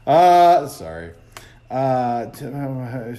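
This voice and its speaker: A man's voice: mid-range voice, big pitch swings, normal speed, darkish tone. A man co-hosting a casual trivia drinking game, joking, swearing freely and laughing often. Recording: roomy room with faint noise.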